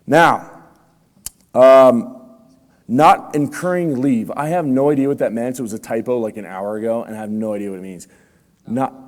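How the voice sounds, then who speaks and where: A man's voice: mid-range voice, moderate pace, long pauses. A man giving a motivational talk to students, in a casual, slangy way, often quizzing the audience. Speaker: motivational speaker. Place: school room with students. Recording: long hall reverb.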